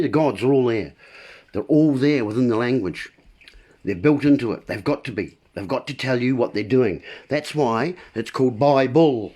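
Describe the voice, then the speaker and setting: A man's voice: mid-range voice, darkish tone, breathy edge. A man talking to his viewers in an impassioned monologue, emphatic and frustrated, playing with words. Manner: impassioned, emphatic wordplay ranting. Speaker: vlogger.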